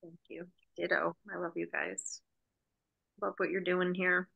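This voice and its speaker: A woman's voice: fairly low pitch, flat delivery, measured pace, vocal fry, phone-quality sound. A woman in her fifties from New Jersey, a podcast guest speaking reflectively and heartfelt in a casual chat. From United States (New Jersey). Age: 50s.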